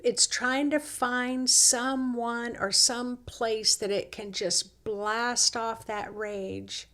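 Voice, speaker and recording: A woman hosting a reflective self-help talk, coaxing and unhurried, who slips into quoted inner dialogue. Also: fairly high pitch, fairly even intonation, a bit bright. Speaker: host.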